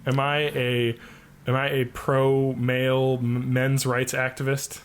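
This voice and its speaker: A man's voice: medium pitch, monotone, takes it slowly, clear, resonant tone. A man co-hosting a casual podcast chat, rambling and joking, with casual swearing. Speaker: podcast co-host.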